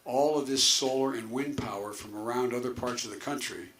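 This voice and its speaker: An older political candidate giving an earnest, rambling debate answer. He doubles back on himself and trails off into asides at a middling pitch. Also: fairly quick, fairly bright tone. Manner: earnest, repetitive, with many restarts and trailing asides.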